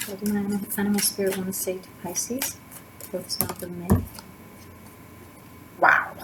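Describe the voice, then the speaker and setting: A woman's voice: medium pitch, little pitch movement, normal speed, pauses often. A woman giving a casual, rambling tarot reading, drifting from topic to topic. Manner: chatty, digressive, rambling with fillers. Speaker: tarot reader. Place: indoors by a street. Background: faint sirens and motorcycle noise from outside.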